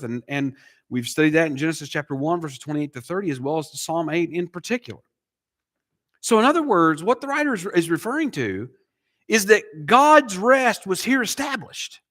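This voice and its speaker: In a church sanctuary, a middle-aged pastor preaches an expository sermon, asking rhetorical questions and repeating key phrases for emphasis. His voice is high, animated and a bit bright, and he speaks a little fast.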